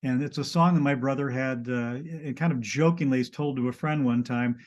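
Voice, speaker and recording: A man telling a personal story in casual conversation, halting and restarting often. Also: mid-range voice, a little mellow.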